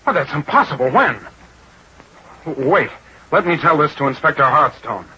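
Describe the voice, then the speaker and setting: An actor playing an eager young newspaper reporter in a 1940s-style radio drama, brisk and urgent. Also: male voice, a little high, expressive, sharp tone. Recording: lo-fi old radio recording with faint hiss.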